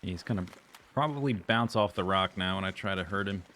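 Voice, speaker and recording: A man's voice: deep voice, a little fast, fairly bright tone, a little hiss or hum. A man streaming a survival game, muttering sarcastic running commentary to himself. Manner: dry, sarcastic self-talk. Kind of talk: casual gameplay commentary.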